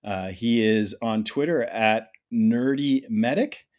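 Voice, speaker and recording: Middle-aged man from Canada hosting a podcast, mid-pitched, chatty and eager, with loose, rambling phrasing. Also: takes it slowly, a little mellow. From Ontario, Canada. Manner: chatty, enthusiastic, self-correcting. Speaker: podcast host. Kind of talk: casual medical podcast chat.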